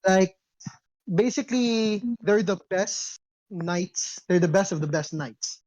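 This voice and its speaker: A man's voice: high-pitched, slow, darkish tone, no room sound, low-quality recording. A man narrating a tabletop game as game master, rambling loosely with many fillers.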